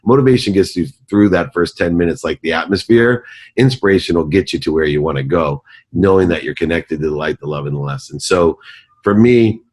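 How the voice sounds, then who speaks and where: A man in his forties, a company CEO, telling a motivational story as a podcast guest with earnest, emphatic delivery. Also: low-pitched.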